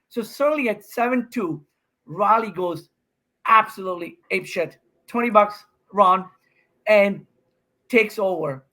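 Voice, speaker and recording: Excitable podcast guest, male pro athlete, animated storyteller. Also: high voice. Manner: excitable, fast-talking, acts out quotes.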